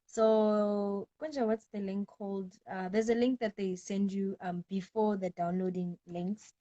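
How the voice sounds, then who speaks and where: A woman's voice: medium pitch, steady tone, a little slow, dark tone, no room sound. A woman singer from Venda, South Africa, chatting casually in an interview and explaining things step by step with fillers. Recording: dull, dry lo-fi audio.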